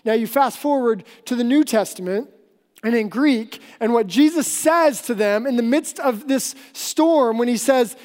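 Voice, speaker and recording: A woman's voice: on the high side, darkish tone. Woman preaching in a reverberant hall. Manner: earnest, explanatory preaching with emphatic slowdowns. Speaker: pastor. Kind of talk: sermon.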